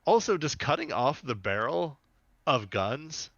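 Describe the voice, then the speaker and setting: A man's voice: mid-range voice, lively intonation, fairly bright tone, dry recording, dull audio. A man co-hosting a podcast in casual chat, talking loosely with lots of fillers and jokes. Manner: chatty, filler-heavy, quick to joke. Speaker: podcast co-host.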